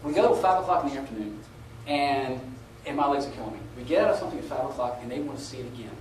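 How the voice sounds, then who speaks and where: Middle-aged male conference speaker, animated storyteller, recorded far off in a noisy, reverberant hall. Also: mid-range voice, rapid-fire. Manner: animated storyteller, laughing at his own story. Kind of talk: live anecdotal talk. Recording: echoey live hall, taped from a distance with noise.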